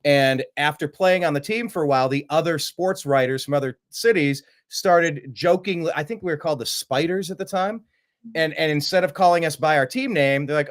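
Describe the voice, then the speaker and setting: A man hosting a casual sports chat, animated and quick to mimic other voices in his stories. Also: fairly high pitch. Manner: animated, jumps into mocking voices. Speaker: host.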